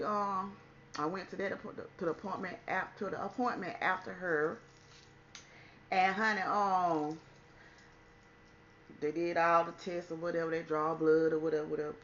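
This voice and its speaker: A woman telling a personal story in a casual storytime chat, chatty and animated, calling the listener "honey" and acting out what people said. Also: low voice, highs cut off, a little hiss or hum. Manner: chatty, says "honey" a lot, acts out quotes. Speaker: vlogger.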